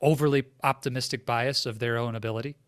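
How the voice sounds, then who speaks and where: A male podcast host with a mid-pitched voice speaks in a reflective, conversational way. He frames long questions for his guest. The room sounds dry and close to the mic. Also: fairly even intonation, fast, no room sound. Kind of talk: podcast interview.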